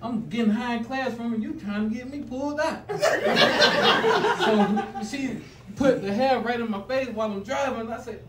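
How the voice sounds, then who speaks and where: A man's voice: extremely high pitch, lively intonation, measured pace, echoey room, far from the mic, noisy background. A man doing his first stand-up set, telling slangy stories and laughing through his own lines. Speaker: stand-up comedian. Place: comedy stage.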